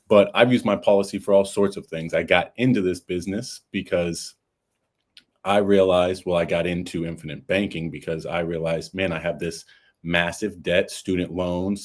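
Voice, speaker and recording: A man working as an insurance coach, telling his own story in a casual chat in a steady, earnest way. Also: low-pitched.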